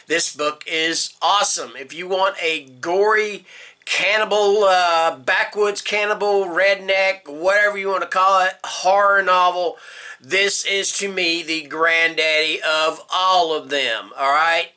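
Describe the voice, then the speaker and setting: A man's voice: high-pitched, steady tone, a little slow, sharp tone, smooth. An older man hosting a horror book channel, chatting casually and rambling with lots of fillers. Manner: rambling, folksy, frequent fillers. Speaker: booktube host. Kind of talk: casual book tag chat.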